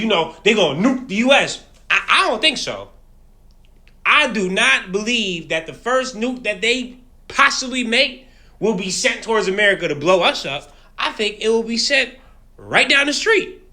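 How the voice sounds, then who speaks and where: A man's voice: extremely high pitch, sharp tone. A man delivering a profane political rant with blunt, mocking, streetwise slang. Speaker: political commentator.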